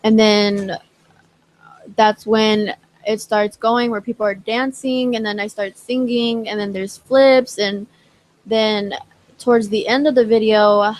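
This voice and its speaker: A woman's voice: mid-range voice, steady tone, slow pace, low-quality recording. A young woman singer answering interview questions hesitantly, with many fillers. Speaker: singer guest.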